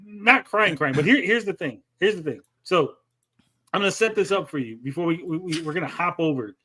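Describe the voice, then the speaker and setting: A man with a fairly high voice riffs through a livestream in loose, profane banter. He mocks freely and keeps tacking "bud" onto his lines, his tone one of easy trash talk. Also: lively intonation, brisk, bright, forceful tone, slightly rough. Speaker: livestream co-host. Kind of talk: crude casual banter on a stream.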